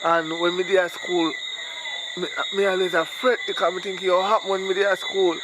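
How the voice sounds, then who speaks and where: An actor with a Jamaican accent playing a shy young man who confides his worries in a hesitant, halting way. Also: high-pitched, level tone, background noise, close to an everyday voice. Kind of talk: acted dialogue in patois.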